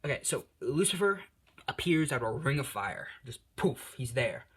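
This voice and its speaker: A man's voice: medium pitch, big pitch swings, moderate pace, breathy edge. A man hosting his channel, improvising a fan story in a rambling, self-deprecating way with lots of fillers.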